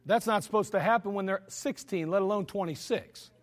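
Pastor guy preaching, blunt and scolding, kinda high voice, big echoey church sound. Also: brisk. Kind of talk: sermon.

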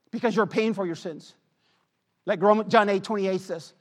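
A male preacher giving an impassioned sermon, repeating his phrases and swinging from hushed tones to loud pleading. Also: sits high, moderate pace, in a large hall.

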